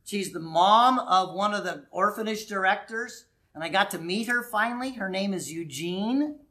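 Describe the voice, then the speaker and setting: Preacher talking with his church. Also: sits high. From United States. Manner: conversational and animated, with sudden quiet asides. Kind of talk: sermon.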